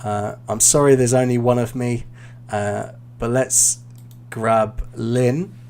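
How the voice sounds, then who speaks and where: A British man, an IELTS teacher, giving relaxed, explanatory feedback in a live online class, with plenty of ums and uhs. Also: mid-range voice, takes it slowly, a little hiss or hum.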